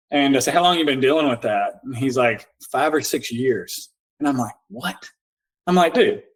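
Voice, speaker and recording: A man, a nervous system coach guest on a podcast, telling client stories in a lively way, acting out both sides of the talk and slowing down for guided instructions. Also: mid-range voice, rough recording. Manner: animated storyteller acting out both sides of conversations; slow, guiding coaching instructions. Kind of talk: casual storytelling in a podcast interview.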